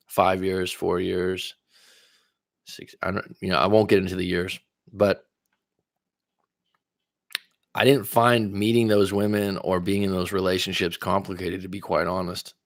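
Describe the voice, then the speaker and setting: A man's voice: low voice, level tone, vocal fry, no room sound, clean studio sound. A man coaching on relationships in a casual livestream, reading viewer comments aloud and answering with pointed questions, sometimes tripping over his words. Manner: admits talking fast after coffee, some stutters. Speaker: life coach and livestream host.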